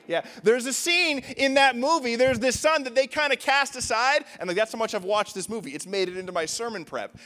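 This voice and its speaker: A man's voice: very high-pitched, pushed and bright, in a large hall. A young man preaching a sermon, casual and joking, with lots of filler words. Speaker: pastor. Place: church hall.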